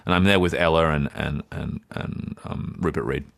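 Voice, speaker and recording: Deep-voiced Australian man telling a story. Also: fairly even intonation, normal speed, creaky, no echo. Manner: rambling, self-correcting, acts out quoted dialogue. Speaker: podcast co-host. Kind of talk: casual anecdote storytelling.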